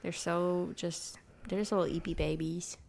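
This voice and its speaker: Low, gravelly woman with a stuffy nose. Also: flat delivery, normal speed, a little mellow. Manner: playful, joking banter. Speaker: podcast co-host. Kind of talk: casual chat.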